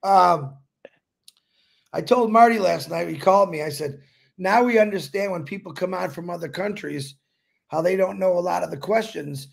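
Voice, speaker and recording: A man's voice: high voice, moderate pace, gravelly. A man co-hosting a casual live stream, joking and reading out birthdays and prayer requests. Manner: warm, jokey, reads birthday names and prayer requests. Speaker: co-host.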